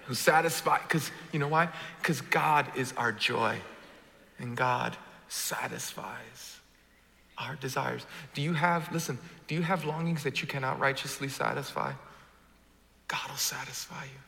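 A man preaching a sermon, jumping from booming, joking lines to hushed, quiet ones as he works the crowd. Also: unhurried, gravelly. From Brooklyn. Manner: animated, swings from booming to hushed, jokes with the crowd. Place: church auditorium. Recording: large reverberant hall.

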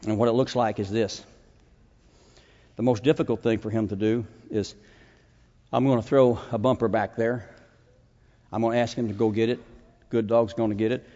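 Man, chapel preacher, barks commands then drops to a hush, mid-pitched, reverberant hall, muffled sound. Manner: swings between loud dog commands and soft, hushed points. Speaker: chapel speaker training a dog. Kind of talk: sermon with a live dog demonstration. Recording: echoey hall, dull lo-fi sound.

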